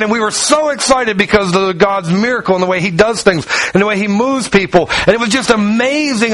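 Dry, poor audio captures a pastor with a somewhat bright voice preaching folksily from personal experience. He performs quoted lines, reads from scripture, and sinks low for asides.

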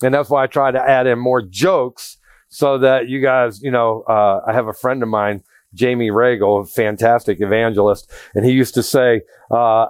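A man's voice: mid-range voice, fairly even intonation, moderate pace, no room sound. A man preaching a sermon as a pastor, blunt and conversational, telling stories with self-deprecating humor.

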